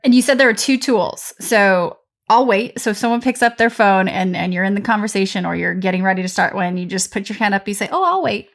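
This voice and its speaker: A woman hosting a podcast interview, asking questions and giving quick affirming reactions. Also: mid-range voice, fairly even intonation. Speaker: podcast host.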